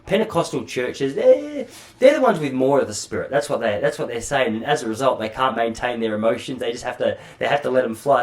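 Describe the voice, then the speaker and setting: An Australian man hosting a podcast alone, chatting in a rambling, self-deprecating way with casual swearing. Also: medium pitch. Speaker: podcast host. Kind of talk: solo casual monologue.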